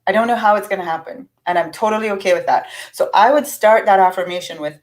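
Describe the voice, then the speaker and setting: A woman's voice: mid-range voice, fast, hardly any pauses, rough recording. Middle-aged woman, earnest coach, casual and encouraging, restarts her sentences. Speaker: affirmation teacher. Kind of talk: casual teaching talk.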